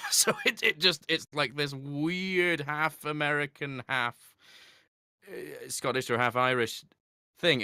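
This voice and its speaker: A man being interviewed as a guest in a casual chat speaks thoughtfully but haltingly, with many restarts and light laughs. His medium-pitched voice is bright, forceful, clear and resonant, recorded at studio quality with no room sound.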